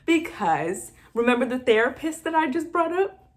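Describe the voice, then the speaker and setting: A woman casually retelling a film plot with animated, exasperated asides. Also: sits high, normal speed. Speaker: movie recap vlogger. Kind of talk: casual movie recap.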